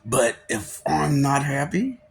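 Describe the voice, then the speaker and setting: A self-proclaimed god addresses his viewers in a man's creaky, medium-pitched voice that is very animated yet slow. His monologue rambles and preaches, punctuated by frequent laughter and mocking rhetorical questions, and he sometimes trips over his words.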